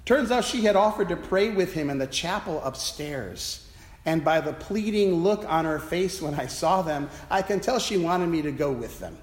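A priest delivers a reflective sermon from a church pulpit, telling stories as he goes. His voice is on the high side and animated, at a normal speed. The church is echoey, with long reverb.

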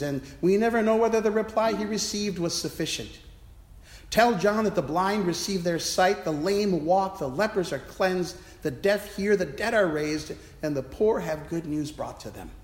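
A man, a priest, giving a reflective, story-telling sermon from the pulpit of a church. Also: high voice. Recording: echoey church with long reverb.

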